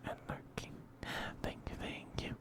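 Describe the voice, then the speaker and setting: Man whispering gentle ASMR affirmations. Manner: slow, soothing, repetitive praise. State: scratchy, phlegmy throat. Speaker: ASMR streamer.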